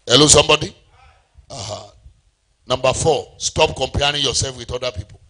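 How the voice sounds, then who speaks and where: Middle-aged Nigerian male preacher, forceful bright tone, sing-song delivery that calls on the congregation. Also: mid-range voice, moderate pace. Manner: call-and-response preaching, sings phrases. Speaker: pastor. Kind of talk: sermon.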